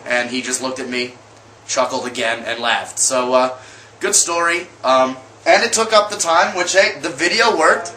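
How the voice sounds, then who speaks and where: A man's voice: mid-range voice, moderate pace, bright, forceful tone. A young man vlogging, telling a story to camera in a casual, rambling way full of fillers and restarts. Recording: echoey room with faint ambient noise.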